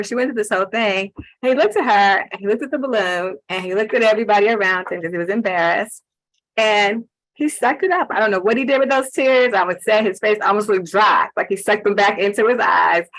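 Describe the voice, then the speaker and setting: A woman speaking on a webinar panel, telling stories with lively, acted-out quotes. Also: mid-range voice, no echo, low-quality recording. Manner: storytelling, animated, acts out quoted voices.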